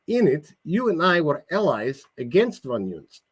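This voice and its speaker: A man voicing a sharp-witted woman doctor. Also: fairly high pitch, big pitch swings, slightly rough, voice pushed up, full character voice. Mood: firm. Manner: quick, pointed, lightly mocking. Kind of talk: reading his novel aloud.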